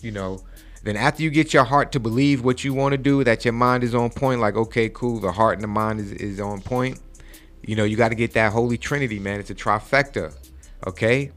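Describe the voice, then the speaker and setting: A man's voice: medium pitch, brisk, a bit bright, soft background music. A man in his forties hosting a podcast, giving a preachy motivational talk and often checking in with "okay?". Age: 40s. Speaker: podcast host. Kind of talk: casual podcast chat.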